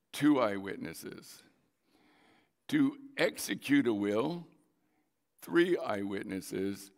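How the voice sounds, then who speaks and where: Male pastor, gravelly low voice, emphatic storyteller, long hall reverb. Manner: emphatic storytelling, stretching key words. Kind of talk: sermon with personal story.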